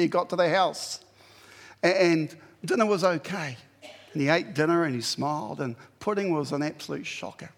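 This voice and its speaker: A man's voice: on the high side, moderate pace, creaky, long reverb tail. A man preaching a sermon in a blunt, exhorting way, giving plain commands to his listeners.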